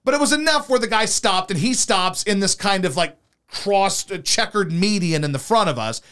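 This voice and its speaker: A man's voice: sits high, lively intonation, normal speed, a bit bright, clear, resonant tone. A man hosting a talk show, speaking bluntly and sarcastically, with lots of profanity. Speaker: radio host. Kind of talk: casual talk show banter.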